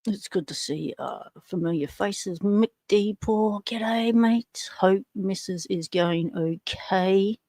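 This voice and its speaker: A chatty Australian woman runs a casual livestream from home, greeting viewers one by one. She is middle-aged, with a voice at an ordinary pitch for a woman. The sound is dry and close. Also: takes it slowly, hardly any pauses, dark tone, no echo. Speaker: livestream host.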